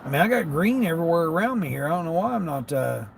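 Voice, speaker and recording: A man who drives for delivery apps, talking casually to his viewers from his car and grumbling as he thinks out loud about the orders he gets. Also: a little high, sing-song, fast, vocal fry, background noise. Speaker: gig delivery driver vlogger. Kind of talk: casual talk while driving. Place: inside a car.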